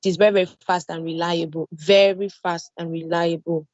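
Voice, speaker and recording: A brisk, lowish female voice with a darkish tone and little pitch variation leads an online cloud security class in Nigerian-accented English. She repeats the main points and offers reassurance through everyday examples. The sound is dull, without echo.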